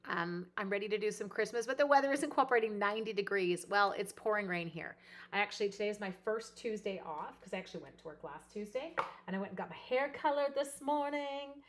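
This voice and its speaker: A middle-aged woman chatting through a live craft demonstration, greeting viewers by name and dropping to soft murmurs while she works. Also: mid-range voice, a little fast. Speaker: card-making demonstrator.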